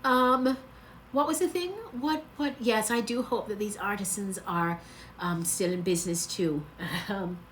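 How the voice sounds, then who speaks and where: A woman talks to viewers on a casual livestream, gushing and laughing as she rambles from thought to thought. She sounds emotional and close to tears, at a middle pitch. A faint noise sits behind her phone recording. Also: measured pace, fairly bright tone. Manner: gushing, chatty, laughs often. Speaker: travel vlogger.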